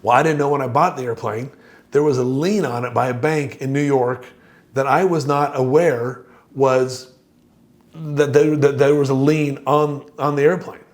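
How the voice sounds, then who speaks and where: A middle-aged man presenting a course lesson, telling a personal story with lively acted-out dialogue. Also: medium pitch, moderate pace. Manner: animated storyteller, acts out dialogue.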